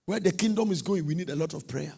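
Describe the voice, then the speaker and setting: A middle-aged man preaching a sermon, swinging from soft, low talk to shouted, sing-song bursts. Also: animated, fast, gravelly, breathy edge.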